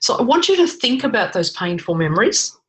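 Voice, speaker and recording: Calm woman leading a tapping session. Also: on the high side. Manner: calm, slow, repeats short phrases for listeners to echo. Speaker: tapping coach. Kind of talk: guided tapping webinar.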